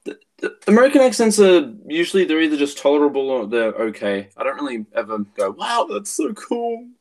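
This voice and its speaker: A man's voice: mid-range voice, lively intonation, fast, a little mellow. A man co-hosting a casual podcast chat, rambling loosely, swearing and losing his words mid-sentence. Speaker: podcast co-host.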